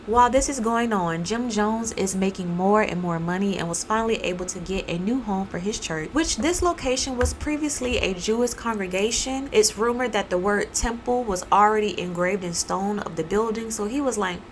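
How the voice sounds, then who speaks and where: Animated woman telling a true-crime story. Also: mid-range voice, a little fast, hardly any pauses, a little hiss or hum, low-quality recording. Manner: animated, playful voices for quotes. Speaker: podcast host. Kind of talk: casual storytelling.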